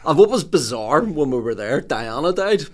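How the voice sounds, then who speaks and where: A man's voice: on the high side, big pitch swings, normal speed. A man, telling a story in casual podcast chat.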